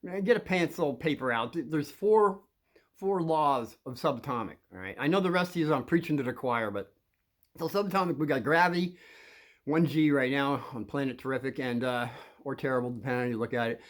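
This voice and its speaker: A man giving rambling advice to children about bullies, acting out scenes and bursting into loud quoted lines. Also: medium pitch, fairly quick.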